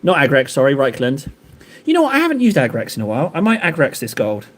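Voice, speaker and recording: A man's voice: medium pitch, big pitch swings, fast talker. A man streaming while he paints miniatures, chatting and joking with his viewers in a rambling way. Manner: joking, rambling banter with chat.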